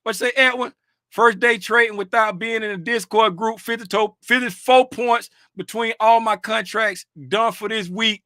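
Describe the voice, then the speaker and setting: High, bright-voiced livestream host. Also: male voice, normal speed, no room sound, clean studio sound. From Fort Lauderdale, Florida. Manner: animated, greets chat by name, bursts of laughter and shouting. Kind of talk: casual livestream chat with viewers.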